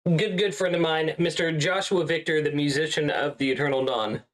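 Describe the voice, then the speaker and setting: Man, podcast host, upbeat, announcer-style intros, slightly high voice. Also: fairly even intonation, brisk, fairly bright tone, rough recording. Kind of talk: casual chat.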